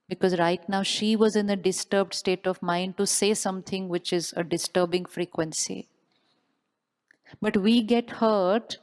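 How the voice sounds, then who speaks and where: A woman's voice: medium pitch, a little mellow. A woman giving a motivational spiritual talk to a live audience, often asking questions and repeating them. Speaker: spiritual speaker. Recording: long hall reverb.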